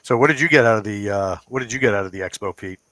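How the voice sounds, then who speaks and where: A man's voice: lowish voice, racing, pushed and bright, dry recording. A man whose first language is Italian, a guest telling rambling stories in casual chat and laughing often.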